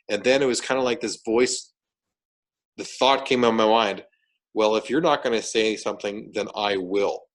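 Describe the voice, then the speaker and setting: A man telling a story as an interview guest, animated and full of restarts and repeated words. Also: fairly low pitch, low-quality recording. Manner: animated, repeats words and restarts sentences while retelling events.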